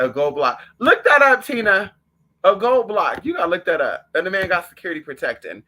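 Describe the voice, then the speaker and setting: A man's voice: on the high side, fairly quick. A man vlogging in a sassy, outspoken casual monologue, chatting with the listener and calling them "girl". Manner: animated and outspoken.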